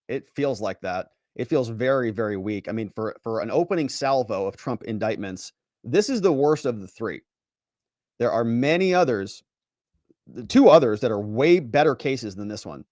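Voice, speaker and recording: A man who is a lawyer hosting a livestream, giving sarcastic, animated commentary and reading viewer chat aloud. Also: mid-range voice, moderate pace, no echo, studio quality.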